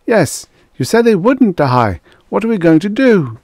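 A man putting on a panicky, shrill prime minister. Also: very animated, normal speed, a little mellow, no room sound, studio quality. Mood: alarmed. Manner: shrill, frantic, blurting. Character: panicky middle-aged male prime minister, excitable.

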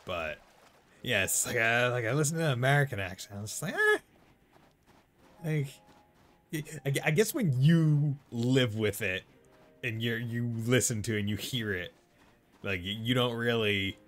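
A man's voice: medium pitch, moderate pace, fairly bright tone, a little hiss or hum. A man with a Boston accent streaming a video game, chatting casually and rambling with lots of fillers. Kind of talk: casual let's-play chat. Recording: faint game music behind.

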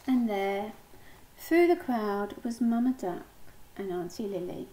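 Female storybook reader, gentle and unhurried, warm tone, roomy sound. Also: medium pitch, lively intonation. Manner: slow, gentle, voicing characters. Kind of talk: reading a picture book aloud.

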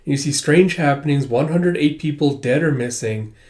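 A man doing a casual, excitable and crude read-along commentary of a comic. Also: a little high, normal speed. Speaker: comic reader.

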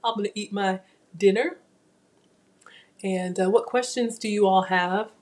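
A woman runs a live cooking class from her home kitchen, chatting freely and getting excited as she cooks. Her voice sits at an ordinary pitch for a woman. She keeps turning to her online viewers as if they are in the room with her. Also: unhurried. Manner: chatty, excitable, talks straight to viewers as y'all.

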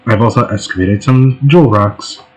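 A man's voice: lowish voice, moderate pace, a little mellow, rough recording. A man hosting a let's play, giving casual gameplay commentary in a laid-back, joking way.

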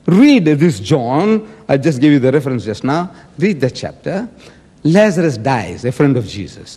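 Male debater, forceful and argumentative, slightly high-pitched, recorded with long hall reverb. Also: breathy edge. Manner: emphatic, argumentative, acting out quoted speech. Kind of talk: public debate speech.

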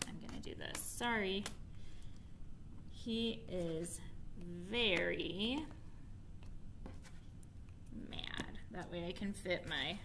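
A woman teacher giving a reading lesson to young children, spelling and sounding out words slowly and asking them to repeat after her. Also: medium pitch, pushed and bright, a little hiss or hum.

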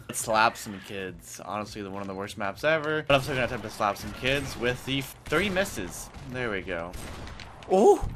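Young male gamer host, bright and sharp-toned, hyped profane trash talk, rambling with lots of "like". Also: medium pitch, a little hiss or hum. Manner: rambling with many fillers. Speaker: gaming channel host. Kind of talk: casual gameplay commentary.

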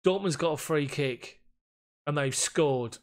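A man giving casual commentary on a football management game, getting excited and frustrated as chances slip away. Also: on the high side, slow pace. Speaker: gaming YouTuber.

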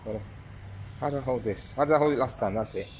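A man in a cheerful, teasing mood films a game of pool on a handheld camera. His voice sits at an ordinary middle pitch for a man. Faint background noise from the indoor entertainment centre runs under his talk. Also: fast talker, darkish tone. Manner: playful, teasing, repeats a catchphrase. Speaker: vlogger, dad. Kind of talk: casual chat.

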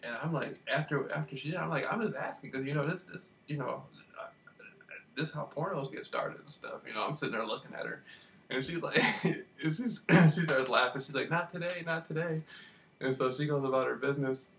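Gravelly man telling a rambling story. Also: medium pitch, brisk. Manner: rambling, repetitive, animated retelling. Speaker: vlogger. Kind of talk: casual storytelling monologue. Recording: distant mic with faint background noise.

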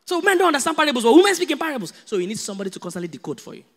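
A man with a Nigerian accent preaching a sermon as a pastor, animated and humorous. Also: very high-pitched, very fast, big-room sound. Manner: animated, humorous, acts out dialogues.

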